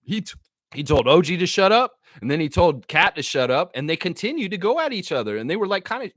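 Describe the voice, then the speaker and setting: Male sports-chat host, high and bright, animated, profane, slangy, rambling. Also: fast. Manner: slangy, talks straight to the audience. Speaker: sports talk show host. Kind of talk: casual live sports chat.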